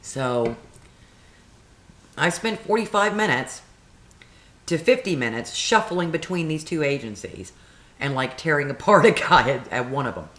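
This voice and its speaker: A woman vlogger telling a story casually, animated and exasperated as she acts out both sides of the conversations. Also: sits low, a little slow, pauses often. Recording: roomy echo.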